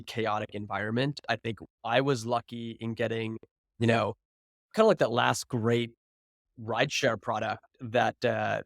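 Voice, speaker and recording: A man's voice: mid-range voice, gravelly, dry recording, studio quality. A man in his thirties, a founder guest on a podcast, telling stories in a chatty, loose way, full of "like" and restarts. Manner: chatty, filler-heavy, frequent "like" and restarts. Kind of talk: casual storytelling interview.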